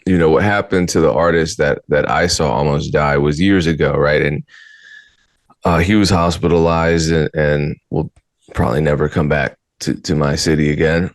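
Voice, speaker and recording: Blunt low-voiced man, dry close sound. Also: steady tone, normal speed, no room sound. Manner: blunt, exasperated, mocking. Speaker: podcast host. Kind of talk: casual commentary.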